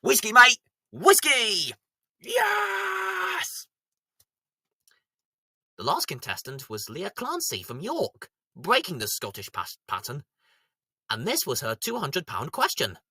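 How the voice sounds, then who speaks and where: A man with a high voice hosting a jokey homemade TV comedy review show, breaking into silly shouted voices. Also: huge pitch swings, normal speed, slightly rough, no room sound, studio quality.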